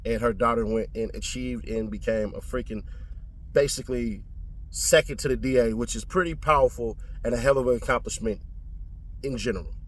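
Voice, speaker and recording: A man giving casual commentary on a court trial, talking bluntly and profanely in slang, and jumping up in pitch to make a point. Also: a little fast, slight background noise.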